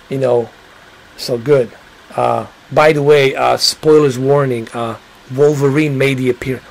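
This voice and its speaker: A man's voice: medium pitch, rough recording. A man hosting a livestream, chatting casually and rambling to his viewers, swearing now and then. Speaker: livestream host.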